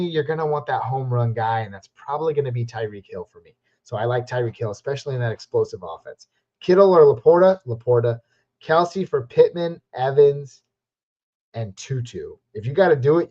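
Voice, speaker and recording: A man from the West Coast hosting a live Q&A stream, chatty and upbeat, giving quick verdicts on viewer questions. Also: mid-range voice, expressive, dark tone. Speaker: fantasy football live stream host. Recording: slightly muffled lo-fi stream audio.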